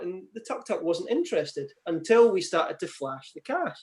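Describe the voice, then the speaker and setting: A man with a high, sing-song voice speaks at a moderate pace with hardly any pauses. A table tennis player being interviewed, he answers questions with long, chatty anecdotes full of "you know" asides, in a casual storytelling style.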